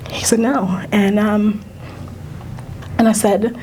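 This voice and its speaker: A middle-aged American woman, a teacher and union leader, recounting a personal experience in a halting, earnest way with many fillers and restarts. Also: medium pitch, fairly even intonation, a little mellow, a little hiss or hum. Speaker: union council president, teacher. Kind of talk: personal storytelling in a recorded conversation.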